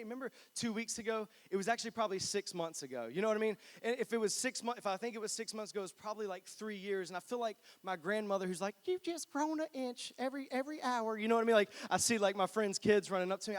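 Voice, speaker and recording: High-voiced young man preaching a sermon. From North Carolina. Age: 20s. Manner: chatty, joking, animated storytelling. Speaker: pastor. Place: church.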